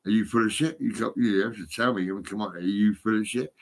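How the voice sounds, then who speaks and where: A man's voice: fairly low pitch, fast. Brief: guy, fifties, rambling sweary phone vlog, laughs a lot. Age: 50s.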